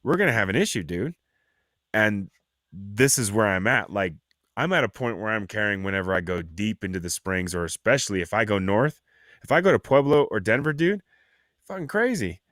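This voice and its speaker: A man's voice: lowish voice, a little fast, no echo, clean studio sound. A man hosting a podcast, chatting casually, telling stories with lots of swearing and mocking voices. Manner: animated storyteller, mocking voices, swears a lot. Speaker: podcast host. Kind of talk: casual profane chat.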